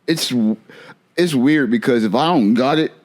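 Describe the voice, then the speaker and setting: A man's voice: mid-range voice, a little slow. A young man co-hosting a podcast, chatting casually in a laid-back, slangy way and laughing easily. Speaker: podcast co-host. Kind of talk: casual chat.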